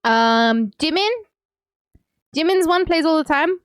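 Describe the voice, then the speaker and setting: A woman's voice: high voice, lively intonation, slow, no echo, clean studio sound. A young woman livestreaming, chatting casually with viewers, reading messages aloud and laughing often. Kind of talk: casual chat with stream viewers.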